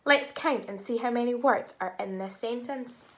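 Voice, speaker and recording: A woman teaching a phonics lesson to young children, speaking slowly and clearly and sounding out words in an encouraging way. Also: on the high side, fairly bright tone. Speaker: primary school teacher.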